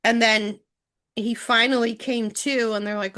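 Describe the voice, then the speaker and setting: A middle-aged woman on a chatty podcast, with a somewhat high, bright voice. She talks slowly and strings her retellings together with "and" after "and", like a parent recapping a show with her grown child. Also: steady tone. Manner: retells scenes in long run-on chains of "and". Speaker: podcast co-host, mother. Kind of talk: casual chat recapping a TV show.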